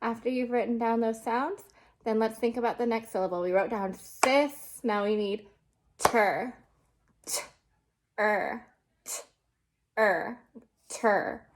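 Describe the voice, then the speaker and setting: A young woman teacher talks kids through a home lesson, her voice sitting a touch high. She is patient and unhurried. She breaks words into single sounds and checks in with a quick "okay?" again and again. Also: steady tone, darkish tone. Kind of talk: remote classroom lesson.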